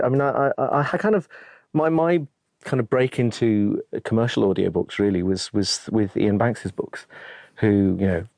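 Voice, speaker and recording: Gravelly, husky man. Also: fairly low pitch, moderate pace, a little mellow, no room sound. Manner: rambling, self-interrupting, jokey. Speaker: audiobook narrator guest. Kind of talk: casual interview chat.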